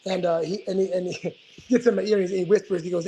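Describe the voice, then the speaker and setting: Man, forties, high voice, rambling, profane, podcast guest storytelling. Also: steady tone, fast, warm tone, low-quality recording. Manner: profane, rambling, many restarts. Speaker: guest, retired fighter. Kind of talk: casual storytelling interview.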